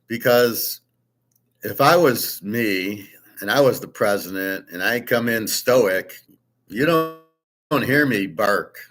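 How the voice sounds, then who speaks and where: A man's voice: fairly low pitch, lively intonation, slow pace, fairly bright tone. A man hosting his own show, talking casually in a rambling, opinionated and blunt way, sometimes swearing. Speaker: host. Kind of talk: casual unscripted monologue.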